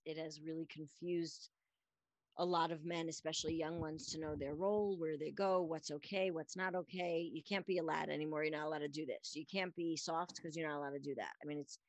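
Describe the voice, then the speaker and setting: American woman host in her forties, emphatic and playful, low voice, very dry sound. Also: no echo. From United States. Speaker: podcast host. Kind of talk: casual interview chat.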